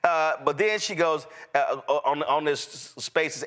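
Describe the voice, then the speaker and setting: A man's voice: fairly high pitch, sing-song, moderate pace, hardly any pauses, fairly bright tone. A man hosting a political commentary show, talking bluntly and emphatically in a colloquial way. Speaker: host.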